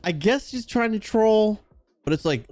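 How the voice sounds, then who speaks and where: A man's voice: high voice, animated, measured pace, a little mellow. A man co-hosting a stream in casual chat, teasing and reading chat aloud.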